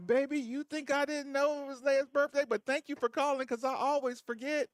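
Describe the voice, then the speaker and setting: A man's voice: very high voice, steady tone, dry recording. A man co-hosting sports radio, playful and affectionate, joking and reading live ads into a studio microphone. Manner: playful and affectionate, quick to joke and laugh. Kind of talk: casual sports radio talk and live ad read.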